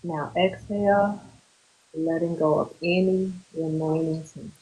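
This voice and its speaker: Woman therapist, slow unhurried delivery, calm guided relaxation instructions, group session over a video call. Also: low-pitched, low-quality recording.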